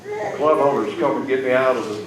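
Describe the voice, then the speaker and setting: A man telling an emotional personal testimony to an audience, folksy and plainspoken, with big swings in loudness. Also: mid-range voice, sing-song, brisk. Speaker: testimony speaker. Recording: echoey room, far mic, noisy.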